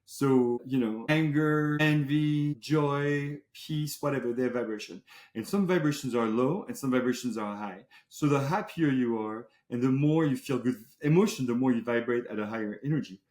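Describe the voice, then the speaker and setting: A man hosting a podcast in casual chat, telling stories in a relaxed way with long run-on lists. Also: medium pitch, normal speed, echoey room. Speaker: podcast host.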